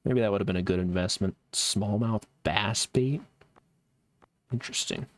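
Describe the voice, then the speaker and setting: A man's voice: fairly low pitch, moderate pace, no room sound. A young man streaming a game live, chatting casually with a sarcastic, laid-back manner and frequent laughs while reacting to chat.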